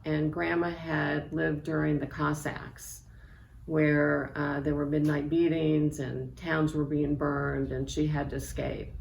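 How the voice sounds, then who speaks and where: A woman in her sixties, an author reading aloud from her memoir in a measured, reflective way. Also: low-pitched, little pitch movement, creaky, a little mellow. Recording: echoey room with faint background noise.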